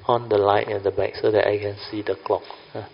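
A man's voice: fairly low pitch, flat delivery, fairly quick, gravelly, background noise. An older man giving a Buddhist dharma talk to a class, chatty, often asking "understand or not?". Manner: chatty, keeps checking the audience with "huh?" and "understand or not?". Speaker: Buddhist meditation teacher. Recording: lo-fi recording in a reverberant hall.

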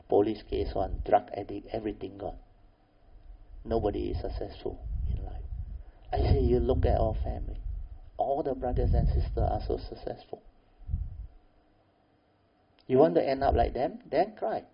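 An older man telling a family story, animated and pressing harder when he makes a point. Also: medium pitch, slightly rough. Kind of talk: storytelling talk. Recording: dull lo-fi recording.

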